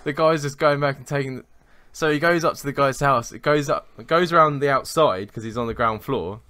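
His voice is mid-range, fairly quick and sharp, heard in a dry recording. He co-hosts a podcast and drifts through a work story in easygoing talk, peppering it with curses and laughing at his own stories.

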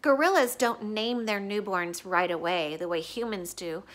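A woman reading a children's novel aloud, stopping in a gentle, teacherly way to explain words and story craft. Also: medium pitch, normal speed. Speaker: read-aloud host.

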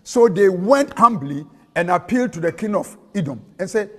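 A man's voice: high-pitched, expressive, moderate pace, a little mellow. A man with a Ghanaian accent preaching a sermon in a church, slipping into a sing-song cadence and local-language phrases. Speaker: prophet and preacher. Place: large church hall. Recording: long hall reverb.

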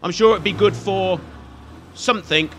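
Bright-voiced chatty gamer man. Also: sits high, normal speed, a little hiss or hum. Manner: chatty, jokey, scolds enemies on screen. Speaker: gaming video host. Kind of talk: let's play commentary.

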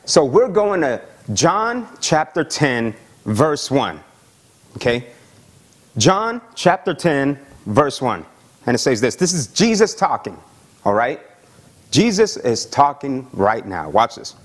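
A male pastor preaching a sermon and praying, excited, with frequent repeated words and calls of "Amen?". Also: mid-range voice, slow. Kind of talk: sermon with Bible reading and prayer.

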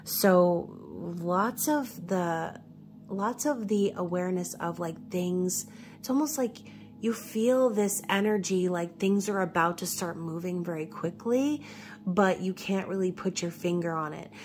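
A woman from New York talks through a tarot reading in a relaxed, chatty way, pausing often to check in with her listeners. Her voice sits on the lower side, with a faint hum of room noise behind it. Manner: chatty, reassuring, frequent "okay?" check-ins. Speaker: tarot reader.

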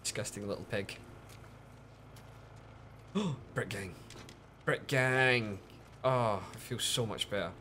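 A man giving casual, lively commentary while streaming a game, chatting with viewers and swearing often. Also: on the low side, slow, long pauses, slight background noise.

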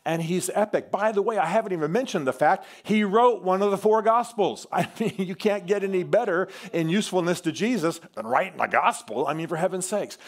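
A man preaching a sermon in a church, telling a story with animation and swinging from loud declarations to quiet asides. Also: a little high. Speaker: guest preacher. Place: church sanctuary.

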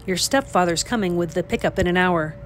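A woman reading the part of a kind, wise elderly grandfather in a storybook, speaking gently and steadily as he tells of his past. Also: on the low side, brisk, slight background noise, natural voice. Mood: gentle.

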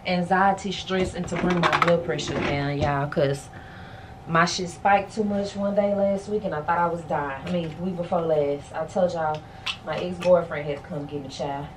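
Woman, home vlogger, casual chat, slangy, out of breath, lower voice, noisy background. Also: steady tone, normal speed. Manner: chatty, exclaims, talks straight to viewers with slang. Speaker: lifestyle vlogger. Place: at home, bedroom.

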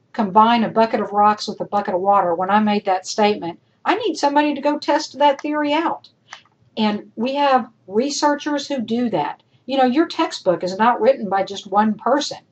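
Woman, instructor, screen-recorded feedback, emphatic, repeats herself, slightly high voice. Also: dull audio. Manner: emphatic, repeats points, addresses class as folks. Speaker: college instructor.

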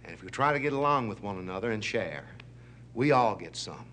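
A man's voice: lowish voice, lively intonation, brisk, fairly bright tone, a little hiss or hum. A man, host of a TV special, telling a fable in a folksy, chuckling way. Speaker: storyteller, show host.

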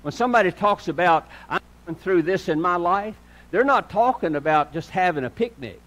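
A man preaching a sermon in an earnest style, moving between loud emphatic lines and hushed low ones and calling listeners "dear friend." He speaks. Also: lively intonation, normal speed. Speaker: pastor.

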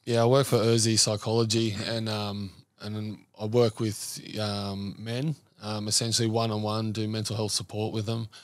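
A man's voice: on the low side, level tone, moderate pace, few pauses, no room sound, studio quality. An Australian man talking earnestly as a podcast guest, rambling through stories with lots of fillers. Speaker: podcast guest, men's mental health support worker. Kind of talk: casual conversational interview.

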